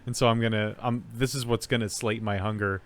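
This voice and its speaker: A man's voice: lowish voice, little pitch movement, a little fast. A man co-hosting a casual podcast, making self-mocking jokes and rambling asides. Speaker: podcast co-host. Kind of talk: casual chat.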